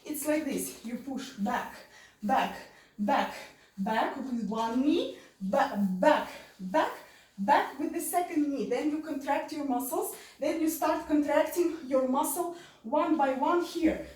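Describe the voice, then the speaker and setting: A woman's voice: high voice, slow, a little mellow. A woman teaching an online dance lesson, counting beats aloud and repeating her cues. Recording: roomy sound from far off.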